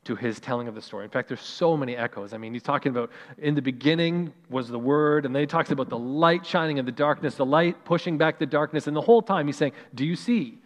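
A man in his thirties, a pastor, preaching a sermon with animated delivery and slow, dramatic emphasis on scripture. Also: on the high side. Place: church sanctuary. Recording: long hall reverb.

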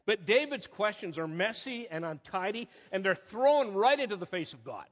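A middle-aged man preaches in a church sanctuary, his fairly high voice swelling into emphatic cries and then falling back to quiet asides. The sound is slightly muffled, and a long reverb trails after him. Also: big pitch swings, normal speed. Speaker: pastor. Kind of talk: sermon.

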